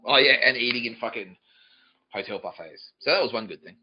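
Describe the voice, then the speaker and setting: A man's voice: mid-range voice, fast talker, breathy edge, dull audio. A man hosting a podcast, telling a rambling, profane comic story and mimicking people's voices. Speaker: podcast host. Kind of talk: comedic storytelling monologue.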